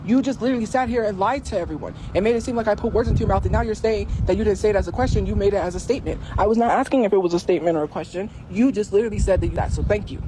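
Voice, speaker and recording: Woman ranting on a stream, repeats herself, talks super fast, noisy background. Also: medium pitch. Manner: insistent, repetitive, confrontational. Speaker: livestreamer. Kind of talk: heated livestream argument.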